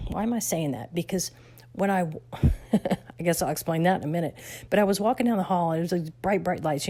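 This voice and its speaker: A woman's voice: fairly low pitch, dark tone. A woman from Texas, chatting animatedly as she tells her life story, laughing now and then. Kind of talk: casual storytelling vlog.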